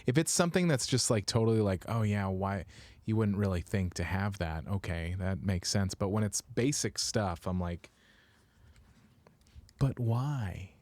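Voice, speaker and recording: A man's voice: on the low side, animated, measured pace, darkish tone, no echo. A man co-hosting a podcast in casual chat, hesitant and restarting his sentences. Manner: thoughtful, hesitant, many restarts. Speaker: podcast co-host.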